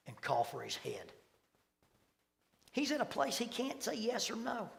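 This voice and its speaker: Middle-aged man, preacher, fairly high voice, long church reverb. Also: vocal fry. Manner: storytelling, acting out quoted voices with sudden loud bursts. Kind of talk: sermon. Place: church sanctuary.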